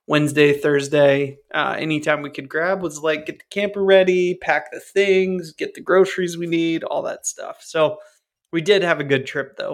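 A man's voice: a little high, fairly bright tone. A man co-hosting a casual podcast, easygoing and rambling, laughing often as he talks. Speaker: podcast co-host.

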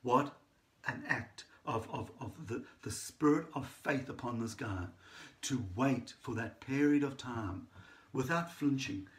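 Male preacher, mid-pitched, keen storyteller who restarts often and checks in with "right?". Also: measured pace. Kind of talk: sermon.

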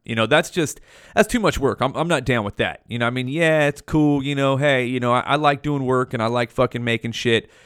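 Man, mid pitch, hosting his show solo; loose, profane, slangy rambling into a dry close mic. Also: fairly quick, a bit bright, smooth, dry recording. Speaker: podcast host. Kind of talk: rambling casual monologue.

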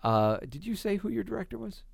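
A man's voice: high-pitched, sing-song, fairly quick, creaky, no room sound, studio quality. A man co-hosting a casual podcast, laughing often and swearing casually while he reads out show plugs. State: tired new father. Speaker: podcast co-host.

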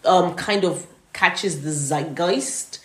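Articulate, lower-voiced female podcast co-host. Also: takes it slowly. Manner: articulate, opinionated, explains for listeners. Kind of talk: casual music-video review chat.

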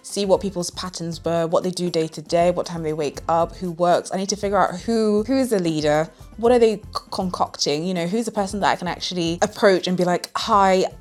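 Brief: female guest, lowish voice, animated, thinks out loud. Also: brisk, few pauses, soft background music. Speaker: podcast guest. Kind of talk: casual chat.

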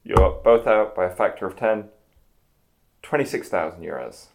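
Gravelly low man, teasing. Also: moderate pace. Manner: joking, teasing and crude. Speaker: podcast co-host. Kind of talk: casual chat.

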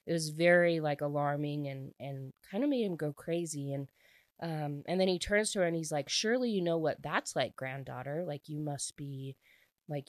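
Woman, book recap vlogger, lower voice, dry close sound, excitable and chatty. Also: no echo. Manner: chatty, heavy use of "like" fillers; excitable and animated when reacting. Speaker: book reviewer.

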